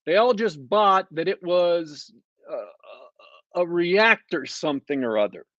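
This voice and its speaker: A man talks at an unhurried, drawn-out pace, sardonic and rambling as he reviews a show, filling gaps with ums and uhs. The sound is dry and a little muffled, like a plain home mic. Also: high-pitched, animated, a bit bright, no room sound. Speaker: podcast co-host reviewing shows. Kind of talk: casual podcast chat.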